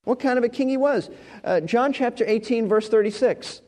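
A man's voice: very high voice, normal speed, a little mellow. A male pastor preaching an expository sermon, emphatic and repeating key words for stress. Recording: long hall reverb.

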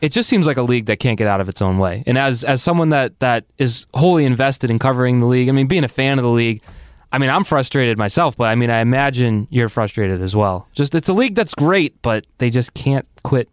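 A male podcast guest with a smooth, clear voice who talks quickly and bluntly about sports. He sounds exasperated and speaks in a mid range, and the recording is dry and close. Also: medium pitch, expressive, no echo. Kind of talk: casual sports chat.

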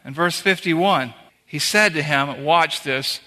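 Bright-voiced preacher in a reverberant hall. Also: male voice, fairly high pitch, takes it slowly. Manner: conversational preaching, walking through scripture verse by verse; punchy emphatic repetitions. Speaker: pastor. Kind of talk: sermon. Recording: long reverb of a large hall.

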